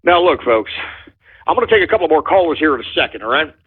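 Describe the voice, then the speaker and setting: A man with a fairly high, expressive voice talks fast with a breathy edge. He hosts a call-in radio show, ranting angrily, swearing at listeners and shouting insults at trolls. The audio sounds tinny, like a phone line.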